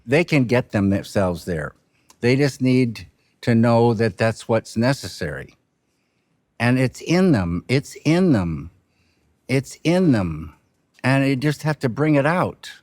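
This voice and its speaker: A film director speaking reflectively, with a halting manner of trailing off and restarting mid-sentence. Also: male voice, medium pitch, big pitch swings, a little mellow, dry recording, clean studio sound. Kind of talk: reflective interview talk.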